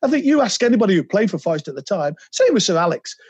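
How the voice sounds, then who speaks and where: Man, 60s, podcast guest, animated storyteller, husky voice, swooping intonation, lo-fi dry recording. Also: high voice, fast talker, no echo. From England. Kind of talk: anecdotal interview storytelling.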